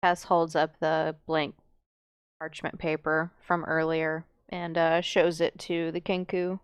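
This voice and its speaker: A woman playing a tabletop game, describing her character's actions in a measured way. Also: low voice, little pitch movement, clear, resonant tone, no room sound. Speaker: player.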